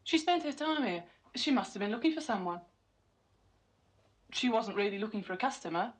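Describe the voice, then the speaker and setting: A woman's voice: a little high, lively intonation, a little fast, natural voice. An actress playing an earnest woman describing where someone spent her time.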